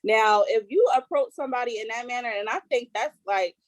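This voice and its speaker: A woman's voice: on the high side, fairly quick. A woman hosts a casual chat over a video call, speaking earnestly and with emphasis. The sound is dry and close, with no room echo. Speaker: host.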